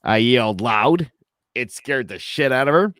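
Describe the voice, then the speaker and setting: A man's voice: mid-range voice, animated, a little slow, fairly bright tone, dry recording. A middle-aged man chatting casually on a podcast, telling a story in a wry, dry way. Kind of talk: casual chat.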